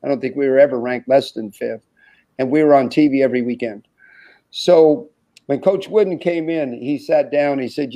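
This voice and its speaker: A man's voice: mid-range voice, moderate pace. A man in his sixties, a former college basketball player, telling stories in an interview and acting out the dialogue with laughter. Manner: animated storyteller who acts out quoted dialogue and laughs often. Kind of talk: anecdotal storytelling in an interview.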